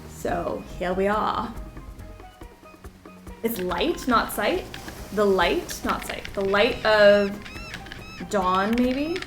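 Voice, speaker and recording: A woman's voice: mid-range voice, animated, extremely slow, pauses often, echoey room, soft background music, low-quality recording. A woman streaming a puzzle game, chatting casually and thinking aloud as she solves it. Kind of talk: casual gameplay commentary.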